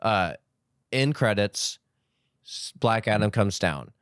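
Low-voiced man, dry close mic. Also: animated, slow pace, fairly bright tone, no echo. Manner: rambling, retelling a movie scene with laughs. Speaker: podcast co-host. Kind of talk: casual chat.

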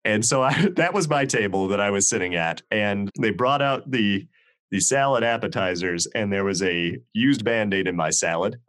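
A man's voice: lowish voice, moderate pace. A man in his thirties, a podcast producer, telling a story in a casual video-call chat and acting out the people in it. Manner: animated, acts out the people in his stories. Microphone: video call mic.

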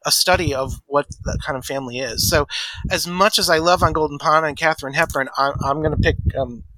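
A man's voice: fairly high pitch, steady tone, a little fast, bright, forceful tone, dry recording, low-quality recording. A man on a movie podcast panel, talking casually and rambling with many restarts. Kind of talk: casual chat.

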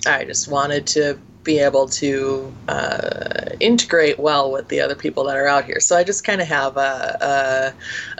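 A woman's voice: low voice, fairly bright tone, a little hiss or hum. A woman from Minnesota with a mild Minnesotan accent, chatting casually as a podcast guest in a self-deprecating way. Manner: chatty, self-deprecating, laughs between thoughts.

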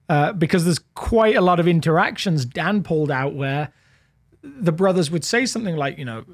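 A man's voice: fairly high pitch, animated, normal speed, dry recording, studio quality. A man with an English accent, a pastor talking casually and thoughtfully on a podcast. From England. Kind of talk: casual chat.

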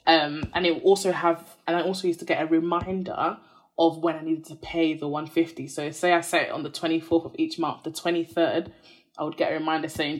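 A woman's voice: low-pitched, flat delivery, fairly quick. A woman in her twenties, a podcast guest candidly telling a personal story in a chatty, earnest way, full of "like" fillers.

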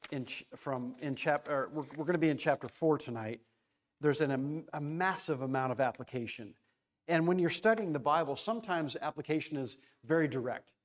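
A man leading an informal Bible study, talking excitedly, restarting phrases and stressing key words. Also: on the high side.

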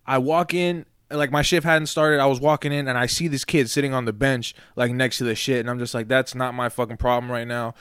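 A young man co-hosting a podcast, telling stories in relaxed casual chat, swearing often and repeating himself. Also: medium pitch, fairly quick, hardly any pauses, clear, resonant tone, dry recording, clean studio sound. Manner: laid-back storytelling, swearing, repeats "you feel me". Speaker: podcast co-host.

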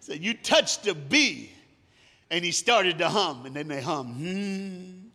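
A man preaching a storytelling sermon, moving between hushed and loud, sometimes singing lines of a song. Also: fairly high pitch, big pitch swings, unhurried. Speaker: guest preacher. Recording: long hall reverb.

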